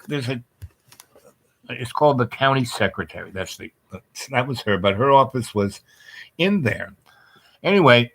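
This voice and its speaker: A man's voice: mid-range voice, a bit bright, low-quality recording. A man hosting a vlog, telling a meandering personal story with lots of fillers and restarts. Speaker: vlog host.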